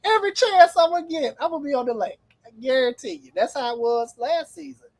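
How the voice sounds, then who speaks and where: A middle-aged man who runs an auto repair shop, chatting on a livestream as an animated, rambling storyteller with playful exclamations. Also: extremely high pitch, fast, dry recording, rough recording. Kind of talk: casual livestream chat.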